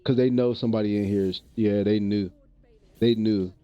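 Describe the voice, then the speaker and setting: A man's voice: fairly low pitch, fairly even intonation, normal speed, warm tone, clean tone, dry recording, lo-fi sound. A man streaming live, chatting casually with viewers in loose slang and laughing often.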